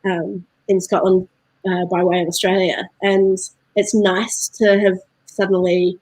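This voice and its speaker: A woman's voice: lowish voice, flat delivery, measured pace, a little mellow, no room sound, low-quality recording. A woman with a New Zealand accent, chatting casually as a guest, with plenty of fillers and laughs. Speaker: guest from a beer importer. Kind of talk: casual video-call chat.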